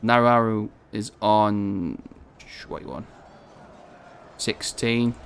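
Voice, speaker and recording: A man's voice: lowish voice, extremely slow, vocal fry, fairly bright tone, a little hiss or hum. A man from northern England giving rambling, chatty commentary on a strategy game, swearing casually as he plays. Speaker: gaming video host.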